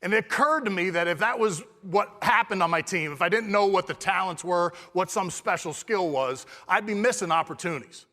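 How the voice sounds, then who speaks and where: A middle-aged man from California giving a storytelling keynote speech, animated and acting out dialogue. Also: high-pitched, brisk, hardly any pauses. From California, USA. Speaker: keynote speaker. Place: conference hall. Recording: long reverb of a large hall.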